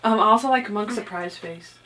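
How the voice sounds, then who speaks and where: A young woman co-hosts a casual podcast, with a voice that sits in the middle of her range. She recaps a TV episode in an animated way and slips into quick put-on voices for the characters. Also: medium pitch. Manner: animated, acts out characters' lines in quoted voices. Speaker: podcast co-host.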